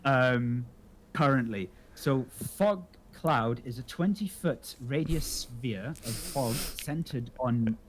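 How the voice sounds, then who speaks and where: A man's voice: mid-range voice, lively intonation, slow pace, slight background noise. A man narrating as dungeon master for a tabletop game, describing the scene with a laugh in his voice.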